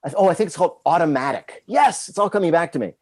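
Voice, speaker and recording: A man's voice: fairly high pitch, lively intonation, very fast, a little mellow, slightly rough, no echo. A man telling rambling, self-deprecating stories as a guest in a casual interview. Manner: rambling storyteller, self-deprecating, with frequent restarts. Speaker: guest screenwriter.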